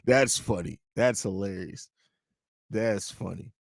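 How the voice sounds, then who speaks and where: A man's voice: fairly low pitch, takes it slowly, creaky, dry recording, clean studio sound. A man hosting a live sports podcast, rambling and joking profanely while reading chat aloud. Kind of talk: casual live-stream chat.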